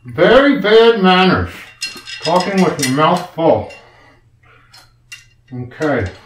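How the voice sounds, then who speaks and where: A man's voice: high-pitched, sing-song, takes it slowly. Man, casual how-to narrator, self-mocking, explains as he works; roomy echo, faint background noise. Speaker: do-it-yourself video maker. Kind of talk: casual narration while working. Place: indoor room being set up as a studio.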